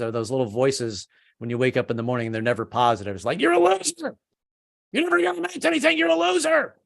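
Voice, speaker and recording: A man in his fifties performs a stand-up comedy set, stammering and putting himself down. He suddenly switches to high put-on voices when playing other people.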